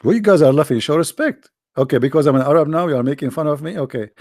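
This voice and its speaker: Man, gravelly voice, dry close sound, teasing rambling jokes. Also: on the high side, expressive, fast talker, a little mellow, no room sound. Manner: teasing, rambling, non-native phrasing. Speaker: chat room speaker. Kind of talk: joking comedic chat.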